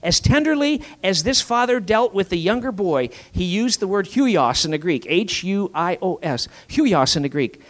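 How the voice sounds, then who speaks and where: A fairly high-voiced man preaching with great animation, his pitch leaping up and down from phrase to phrase. He moves between forceful emphasis and near-whispered lines. He keeps asking the congregation rhetorical questions. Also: very animated, moderate pace, hardly any pauses. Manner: dramatic, swinging from forceful emphasis to hushed whispers. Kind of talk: sermon.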